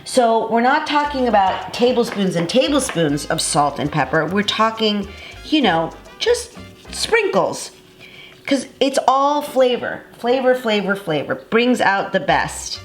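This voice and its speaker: A woman's voice: fairly high pitch, big pitch swings, unhurried. Effusive woman chef, roomy kitchen, music. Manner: effusive, enthusiastic, chatty. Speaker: cooking show host. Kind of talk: cooking demonstration.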